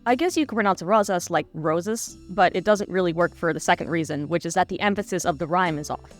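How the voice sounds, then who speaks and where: A woman's voice: on the low side, brisk, faint music behind. A woman narrating a scripted video essay in a wry, analytical manner.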